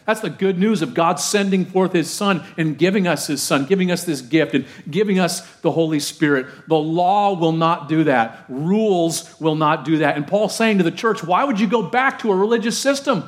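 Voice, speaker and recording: Man preaching with lively fervor. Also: a little high, normal speed, hardly any pauses. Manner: animated, conversational preaching with rising fervor; asks the congregation questions. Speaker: pastor. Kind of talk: sermon.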